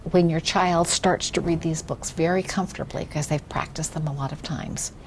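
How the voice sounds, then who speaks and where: A woman demonstrating a reading lesson with a young child, speaking slowly and encouragingly, often softly or in a whisper. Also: deep voice, steady tone, a little hiss or hum. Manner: patient, slow, encouraging, drops to soft whispers. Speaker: reading tutor trainer.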